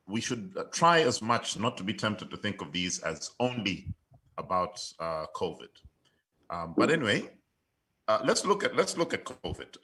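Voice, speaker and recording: Low, bright-toned man answering thoughtfully. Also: rough recording. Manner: thoughtful, hesitant, trailing off quietly. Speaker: panelist. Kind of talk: panel discussion.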